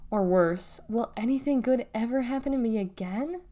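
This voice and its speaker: A woman voicing a small, fierce girl with a raspy voice in a storybook reading. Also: a little high, normal speed, dark tone, natural voice. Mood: brooding.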